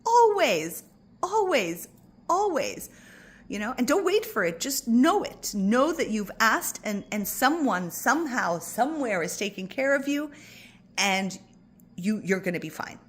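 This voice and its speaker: A woman spiritual coach giving gentle, reassuring advice to an online group and calling listeners by endearments. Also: on the high side, lively intonation, moderate pace.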